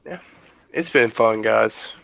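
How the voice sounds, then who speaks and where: A man's voice: on the low side, slow, gravelly, a bit bright, dry recording, rough recording. A man co-hosting a podcast, chatting casually and enthusiastically with lots of "like" fillers. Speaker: podcast co-host. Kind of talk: casual chat.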